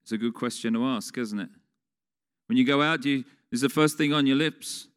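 A man's voice: medium pitch, fairly quick, smooth. A man preaching a sermon in a conversational way, putting questions to the congregation. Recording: long reverb of a large hall.

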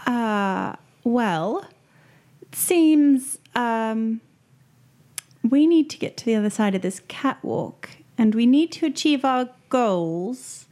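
Casting: woman tabletop player, slow and deliberate, higher voice. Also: lively intonation, warm tone. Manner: measured, slightly formal phrasing. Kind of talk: casual tabletop chat.

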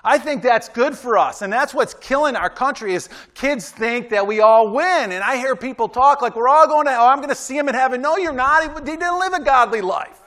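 A pastor with a very high-pitched, fairly bright voice preaches at normal speed with few pauses. He keeps it casual and conversational, often asking listeners "right?" while emphatically urging them on.

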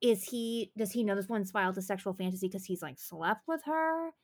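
A young woman co-hosts a podcast in casual, rambling chat, dropping lots of "like" and swearing as she acts out quotes. Her voice is mid-range and a little fast.

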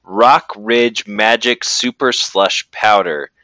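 A man's voice: fairly low pitch, slow, bright, forceful tone, no echo. A man in casual chat, dropping in short remarks and reading out details.

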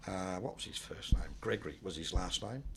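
A man telling a personal story in a rambling, halting way, often dropping low and quiet. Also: vocal fry, slight background noise. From Australia. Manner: rambling, many restarts, low and subdued when recalling loss. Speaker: guest telling his life story. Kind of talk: casual spoken storytelling.

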